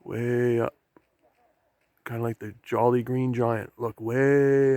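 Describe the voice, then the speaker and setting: Gravelly man rambling on a forest trail. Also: mid-range voice, fairly even intonation, takes it slowly, warm tone, no room sound. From Canada. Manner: rambling, talks to camera while hiking. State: walking downhill on a trail. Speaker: vlogger. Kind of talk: casual walking vlog. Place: outdoor forest trail by the ocean, rain. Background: faint outdoor noise, rain and waves.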